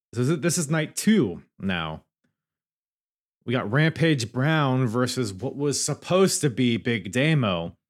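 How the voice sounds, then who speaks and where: A man hosting a podcast, chatting casually and enthusiastically as he reviews old wrestling matches, often laughing. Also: mid-range voice. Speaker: podcast host.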